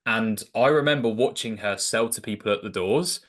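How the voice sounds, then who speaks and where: Man, lowish voice, casual chat, chatty and loose, lots of fillers. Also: moderate pace, a bit bright. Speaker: sales coach guest. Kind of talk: casual conversational storytelling.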